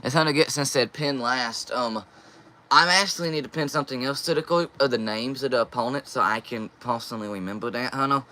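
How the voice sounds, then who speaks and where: A man's voice: medium pitch, fairly quick, pushed and bright. A young man hosting a casual live stream, reading viewer comments aloud and answering them.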